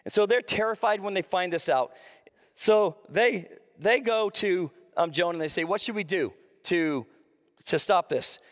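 A man's voice: high voice, measured pace. A man preaching a sermon, reading scripture and then explaining it in a conversational way with frequent restarts. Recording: echoey hall reverb.

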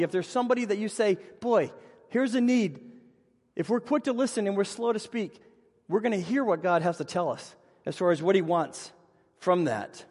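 A man with a high voice preaches from the pulpit, telling funny stories about himself in an animated way. His voice rings out with a long reverb, as in a church sanctuary. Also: brisk. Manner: animated storyteller, self-deprecating humor. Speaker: pastor. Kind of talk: sermon with personal storytelling.

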